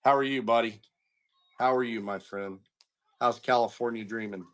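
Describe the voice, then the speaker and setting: A man's voice: medium pitch, fairly even intonation, moderate pace. Chatty man hosting a card break stream. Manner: chatty, greets viewers, tells stories with asides. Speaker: card break livestream host. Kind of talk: casual livestream chat.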